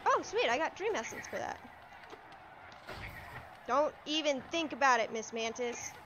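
High-voiced excitable woman gaming streamer. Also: moderate pace, long pauses, muffled recording, slight background noise. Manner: excitable, yelps and talks back to enemies. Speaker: let's play streamer. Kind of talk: live gameplay commentary.

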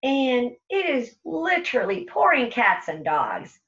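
A woman's voice: high-pitched, sing-song, measured pace, fairly bright tone, lo-fi sound. A woman who runs an internet radio station, telling a vivid, dramatic story to an audience with repeated phrases. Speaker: internet radio station host giving a talk.

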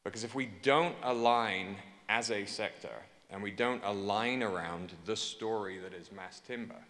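English man pitching to a conference hall. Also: unhurried, a bit bright. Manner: joking, persuasive, repeats his pitch with emphasis. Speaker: conference speaker. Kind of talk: keynote speech to a conference audience. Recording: long hall reverb.

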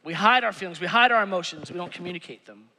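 A pastor preaching an animated, conversational sermon with playful asides. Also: male voice, sits high, fast talker, in a large hall. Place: church sanctuary.

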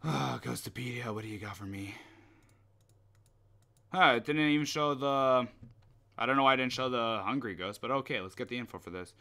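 A man's voice: medium pitch, normal speed, creaky, long pauses, sharp tone. A young man commenting on a horror game as he plays, muttering to himself, swearing and getting jumpy at scares. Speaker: gameplay commentator.

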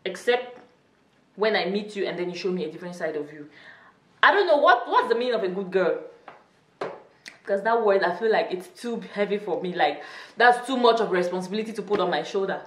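A young woman talks casually to her channel viewers, chatty and quick to laugh. Her voice sits a little back from the mic in an echoey room. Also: mid-range voice, expressive, fairly bright tone, far from the mic. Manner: chatty, laughs often, teasing. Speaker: YouTuber. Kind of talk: casual vlog chat.

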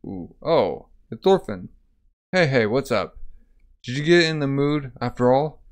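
A brash, teasing warrior giant who lives for battle, as a man reading a comic aloud puts him on. The voice sits at an ordinary middle pitch with a loose, joking manner. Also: sing-song, measured pace. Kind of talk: casual comic read-aloud.

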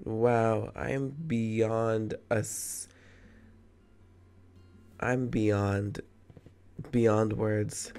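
A man's voice: on the low side, little pitch movement, drawn-out words, pauses often, a little mellow, clear, resonant tone. A man in his twenties giving let's play commentary, emphatic and indignant, often repeating words for effect. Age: 20s. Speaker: gamer.

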